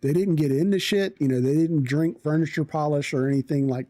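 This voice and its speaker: A live streamer telling a story in a casual, animated way, swearing freely. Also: medium pitch, brisk, dry recording.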